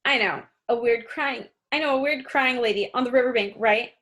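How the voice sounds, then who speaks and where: A woman voicing a gruff, dismissive male police officer in an audiobook, speaking with a sneer. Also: a little high, normal speed, a bit bright, close to an everyday voice. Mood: mocking.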